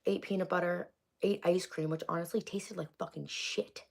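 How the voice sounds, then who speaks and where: A woman's voice: lowish voice, fairly even intonation, normal speed, vocal fry. A woman hosting a casual livestream, teary and crying on and off, talking candidly and reading viewer comments aloud. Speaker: livestream host.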